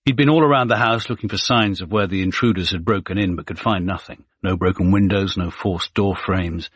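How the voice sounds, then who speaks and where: A man narrating a suspense thriller audiobook in a steady, measured way. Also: low-pitched, husky, dry recording, studio quality.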